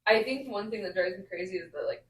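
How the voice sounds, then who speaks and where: A woman's voice: medium pitch, fast, a little hiss or hum. A woman, a podcast host and mother, talking earnestly in casual chat and working through her thoughts with lots of "like". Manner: earnest, talks through ideas with many fillers. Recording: roomy echo.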